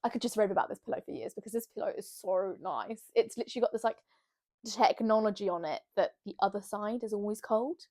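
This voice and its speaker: A woman's voice: mid-range voice, quick pace, mellow. A young woman, chatting to camera from her bed in a bubbly, rambling, self-mocking way. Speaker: vlogger. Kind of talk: casual chat to camera. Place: bedroom, sitting on her bed.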